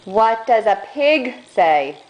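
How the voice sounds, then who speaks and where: A woman's voice: on the high side, sing-song, a little hiss or hum, low-quality recording. A young mother talking to her toddler at home in coaxing, sing-song baby talk. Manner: sing-song, drawn-out questions.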